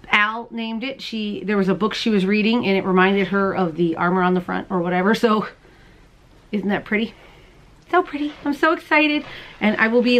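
A woman in her thirties hosting a crochet and knitting podcast, chatting casually to camera at home, bubbly and quick to laugh. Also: medium pitch, a bit bright. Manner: chatty, bubbly, laughs often, talks to viewers as "you guys". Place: at home, indoors.

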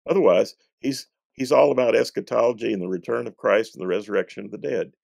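A man from North Carolina, a Bible scholar answering interview questions in a measured, emphatic, preacherly way. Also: medium pitch, gravelly, darkish tone, dry recording. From North Carolina, USA.

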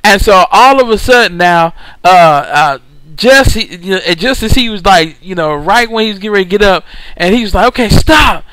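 A man's voice: sits high, fairly bright tone, smooth, no room sound, rough recording. A male preacher recording a sermon, telling a story with emphatic repetition.

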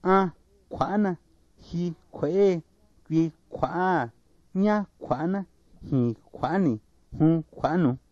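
A man slowly and carefully reading out a word list in a measured, repetitive way. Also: fairly high pitch, darkish tone, dry recording. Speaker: native speaker recording word list. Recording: dull lo-fi 1990s tape, dry.

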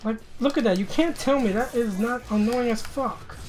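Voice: mid-range voice, normal speed, darkish tone, slight background noise. Cursing, rambling gamer commentating matches. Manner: frustrated, swears often, self-deprecating; rambling, restarts sentences, laughs at self. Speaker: gamer recording own online matches. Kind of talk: live gameplay commentary.

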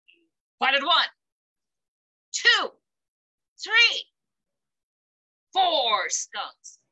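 A woman at a library reading a children's story aloud, with very expressive delivery and playful sound effects. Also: high voice, very slow, rough recording. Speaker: library story time reader.

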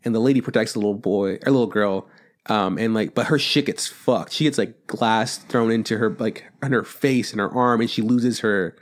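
A man's voice: fairly low pitch, normal speed. A man co-hosting a podcast, rambling casually about a film he watched, and swearing a lot as he retells the scenes. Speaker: podcast co-host.

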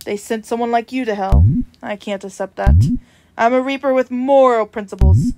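A woman reading the lines of an old, weary reaper with principles, gentle and formal, over game music. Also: a little high, very animated, normal speed, dry recording. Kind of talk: reading game dialogue aloud. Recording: music playing behind.

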